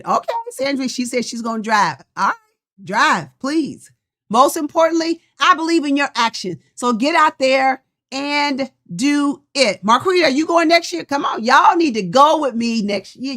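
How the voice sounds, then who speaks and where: Brief: woman, life coach hosting a casual motivational chat, pitch a touch high, upbeat, encouraging, talks to her audience as y'all. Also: fairly bright tone. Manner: chatty and encouraging, addressing listeners as y'all. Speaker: life coach and podcast host.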